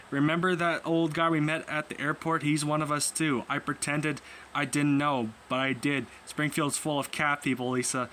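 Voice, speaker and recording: A man's voice: a little high, steady tone, unhurried, bright, forceful tone. A young man casually reading a comic aloud, voicing every character in his own voice and stumbling over words as he goes. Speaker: comic reader. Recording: faint background noise.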